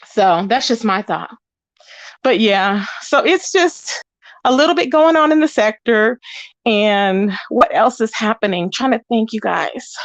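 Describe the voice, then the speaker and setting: Young woman livestreaming off her phone, high voice, dry close sound, gossipy and chatty, aave. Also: animated, a little slow, no room sound. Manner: chatty, greets viewers with pet names. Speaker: livestream host.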